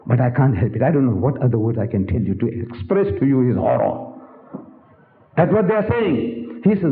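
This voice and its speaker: A man's voice: mid-range voice, animated, fairly quick. An older man giving a public religious lecture, emphatic and theatrical, firing rhetorical questions at the audience. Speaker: Islamic lecturer. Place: lecture hall. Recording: echoey hall, tinny old recording.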